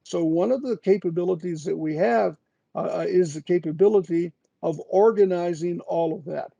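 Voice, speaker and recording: Older male expert, high-pitched and gravelly, slow halting delivery over a video call. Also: dark tone, no echo. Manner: slow and halting, many drawn-out "uh"s. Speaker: guest expert answering questions. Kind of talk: webinar Q&A answer.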